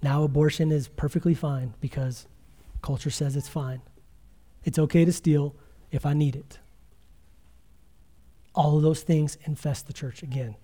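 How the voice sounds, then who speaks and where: A man's voice: fairly high pitch, fairly even intonation, a little slow, long pauses, mellow. A middle-aged man preaching a conversational sermon as pastor, telling stories with quoted asides.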